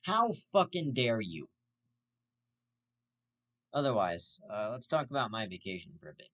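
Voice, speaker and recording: This commentary vlogger, whose voice is medium-pitched and a bit bright, launches into a heated, profane rant. He swears heavily and restarts himself repeatedly.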